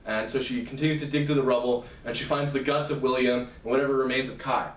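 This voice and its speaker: A man's voice: medium pitch, fairly even intonation. Guy recapping a novel, stumbly with lots of restarts, echoey room, mic far off. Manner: halting, many fillers and restarts. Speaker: lecturer retelling a novel. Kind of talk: casual story retelling. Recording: roomy, distant mic.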